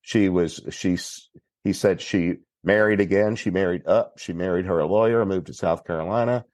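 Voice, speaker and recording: Deep-voiced priest from Texas. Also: male voice, steady tone, moderate pace, darkish tone, dry recording. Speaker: priest, podcast guest. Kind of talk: recounting a story in conversation.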